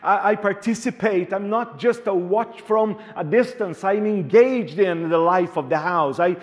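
A man preaches to his congregation with lots of energy, repeating words and cracking jokes with them. His voice sits high, and he keeps a measured pace.

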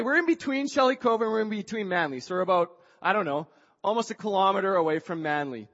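High-voiced man telling an animated story. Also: brisk, big-room sound, dull audio. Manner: chatty, acts out quoted dialogue, frequent "like" fillers. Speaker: speaker telling a personal story. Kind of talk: animated personal storytelling with a moral.

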